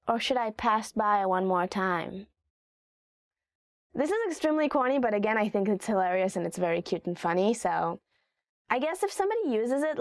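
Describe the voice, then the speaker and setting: A young woman teaching a casual language lesson, chatty and giggly, full of fillers, reading example lines slowly and carefully. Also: fairly high pitch, no echo, studio quality. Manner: giggly, chatty, filler-heavy, slow careful English renderings.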